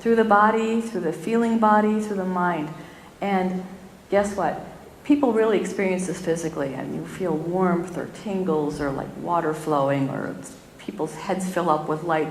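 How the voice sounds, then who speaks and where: A middle-aged woman giving a gentle, expressive spiritual talk to a live audience. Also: mid-range voice. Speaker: spiritual teacher. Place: spiritual community hall. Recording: echoey hall, faint room noise.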